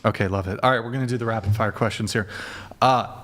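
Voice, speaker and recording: A man's voice: fairly low pitch, steady tone, fast talker, fairly bright tone. A man hosting a provocative panel chat, crude and joking, often restarting his sentences. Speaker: host.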